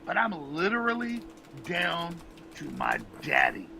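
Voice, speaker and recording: A gravelly man who rants at a strained, raised pitch, pleading with his listeners in a repetitive, swearing torrent. The recording carries noticeable background hiss. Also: huge pitch swings, measured pace. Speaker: host. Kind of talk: impassioned ranting monologue.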